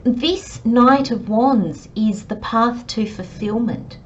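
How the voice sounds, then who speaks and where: A woman's voice: on the high side, slow, lo-fi sound, a little hiss or hum. Earnest woman giving a tarot reading. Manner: earnest, emphatic, talks straight to the listener. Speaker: tarot reader.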